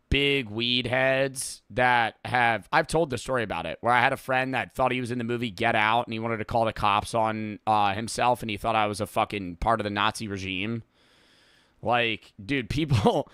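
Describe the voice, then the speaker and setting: Profane, lively young man ranting. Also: medium pitch, clean tone, dry recording, studio quality. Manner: rambling, profane, lively storytelling. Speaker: streamer reacting to videos. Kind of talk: casual reaction commentary.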